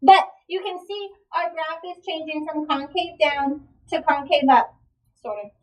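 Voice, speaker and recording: A woman's voice: high voice, measured pace, darkish tone, distant mic, low-quality recording. A woman teaching a math lesson, asking the class questions and encouraging the students' answers. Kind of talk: classroom lecture.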